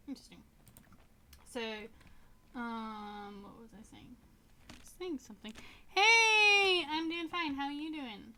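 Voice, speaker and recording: A woman's voice: fairly high pitch, background noise. A young woman in her twenties streaming a game, chatting casually in a rambling, self-correcting way and laughing often. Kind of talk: casual gaming stream chat. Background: game music and keyboard typing.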